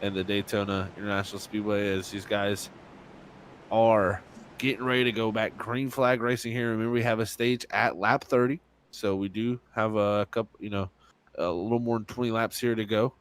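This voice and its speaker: A man's voice: fairly low pitch, steady tone, moderate pace. A man calling a sim racing event as play-by-play commentator, chatty and laughing between his remarks.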